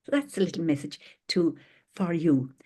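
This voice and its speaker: A woman hosting a spiritual gathering over a video call, talking gently and rambling affectionately between stories. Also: low-pitched, big pitch swings, moderate pace, breathy edge. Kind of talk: informal spiritual talk with stories.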